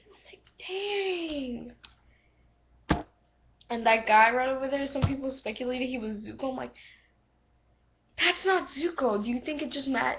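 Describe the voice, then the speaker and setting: High, gravelly-voiced rambling woman. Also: lo-fi sound. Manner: rambling, filler-heavy, excitable. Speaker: video reviewer. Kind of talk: casual rambling episode review. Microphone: computer microphone.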